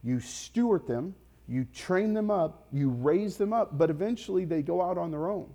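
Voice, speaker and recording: A man in his thirties, a pastor preaching a sermon, speaking directly to his congregation with frequent questions and building to loud, emphatic peaks. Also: sits high, lively intonation, moderate pace.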